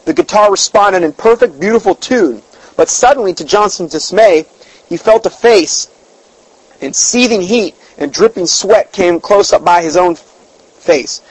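High-voiced emphatic male preacher. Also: a little slow, breathy edge, low-quality recording. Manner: emphatic, voice jumps up when stirred; conversational asides, fillers and restarts. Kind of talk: storytelling sermon.

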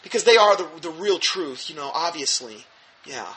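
A man's voice: fairly high pitch, expressive, moderate pace, a crowd in the background. A man reading aloud from an article and breaking in with sarcastic, mocking commentary, often repeating and restarting words.

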